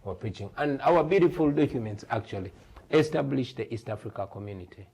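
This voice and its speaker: A man's voice: mid-range voice, lively intonation, a little fast, vocal fry, a little mellow, husky. A man in his thirties from Uganda, an earnest, emphatic guest in a TV studio interview. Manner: earnest, emphatic, repeats words. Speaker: guest, musician.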